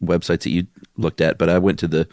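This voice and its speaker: A man with a very low voice co-hosts a podcast, rambling in a relaxed, self-deprecating way. The sound is dry and close on a studio microphone. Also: quick pace, no room sound. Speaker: podcast co-host. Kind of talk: casual chat.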